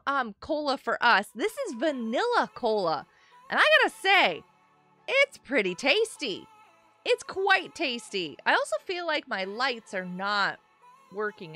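A woman's voice: sits high, bright, forceful tone. A young woman hosting a casual gaming livestream, chatting to her viewers and laughing often. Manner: bubbly, chatty, laughs often, talks to chat. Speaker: livestream host.

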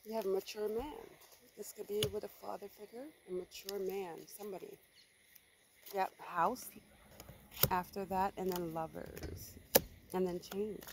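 A woman's voice: medium pitch, steady tone, unhurried, pauses often, background noise. A woman giving a casual tarot reading for viewers, blunt and emphatic, swearing freely and repeating herself for stress. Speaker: tarot reader.

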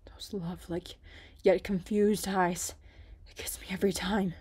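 Hushed gentle pirate captain, young man, teasing, read by a woman, storybook. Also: medium pitch, moderate pace, slightly rough, close to an everyday voice.

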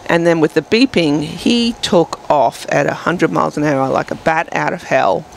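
A woman's voice: low-pitched, normal speed, creaky, slight background noise, low-quality recording. A woman co-hosting a podcast, telling a long rambling story in casual chat with many fillers. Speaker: podcast co-host.

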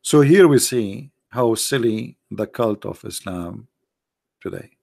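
A man's voice: on the low side, expressive, slow pace, creaky, darkish tone. A man giving sarcastic, argumentative commentary in broken English grammar. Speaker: religious debater. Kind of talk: mocking commentary.

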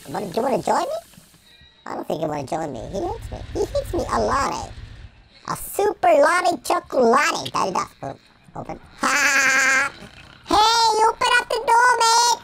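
A man doing a squeaky chipmunk gamer. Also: moderate pace, gravelly, slight background noise, exaggerated voice. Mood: playful. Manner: excitable, yells at the game. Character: hyper cartoon male chipmunk gamer. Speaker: gameplay commentator. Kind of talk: let's-play commentary in character. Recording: game music underneath.

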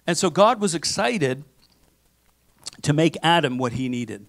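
Animated man preaching a sermon. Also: on the high side, measured pace. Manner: animated storytelling with acted-out quotes. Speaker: pastor. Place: church sanctuary.

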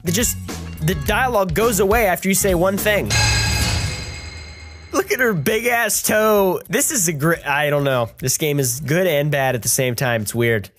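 A young man giving crude, sarcastic commentary while playing a game, jumping between high mock voices and low mumbles. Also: normal speed. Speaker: gaming commentator. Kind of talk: crude joking let's-play commentary. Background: faint game music.

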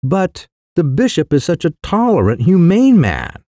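A man voicing a fussy elderly country gentleman who grows anxious and indignant as he stammers out his protests. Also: on the high side, huge pitch swings, a little slow, no echo, studio quality, voice pushed up. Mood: flustered, indignant.

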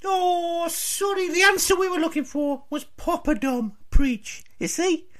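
A man's voice: very high voice, fairly even intonation, measured pace, a bit bright. A man putting on a cheeky, upbeat male TV presenter hosting a radio quiz comedy sketch. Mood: chirpy teasing. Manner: chirpy, teasing. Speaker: quiz show host.

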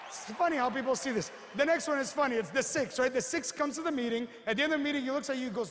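A man giving an animated motivational seminar talk, telling stories and acting out the people in them. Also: very high voice, rapid-fire, hardly any pauses, long reverb tail. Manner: animated storyteller, acts out quotes, punchy asides. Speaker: motivational speaker.

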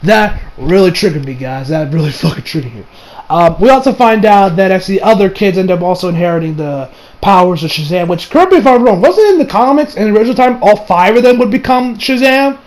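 A fast-talking young man with a notably high voice reviews a movie in a loose, casual, rambling way. Excitable and quick to swear, he puts on squeaky mock voices to quote others.

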